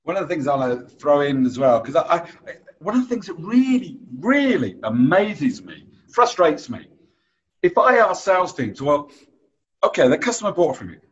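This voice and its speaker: A man's voice: on the high side, big pitch swings, normal speed, muffled recording. A man hosting a podcast interview, chatty and anecdotal, who laughs easily. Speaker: podcast host.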